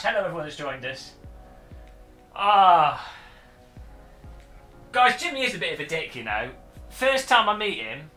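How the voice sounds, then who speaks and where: A man's voice: fairly high pitch, bright, forceful tone. A man on a casual livestream, joking, swearing and mocking himself while setting up gear. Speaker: streamer.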